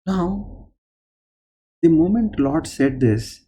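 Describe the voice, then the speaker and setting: Slow, mellow-voiced man giving a discourse. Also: a little high, lively intonation. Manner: unhurried, explanatory. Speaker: spiritual speaker. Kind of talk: spiritual discourse storytelling.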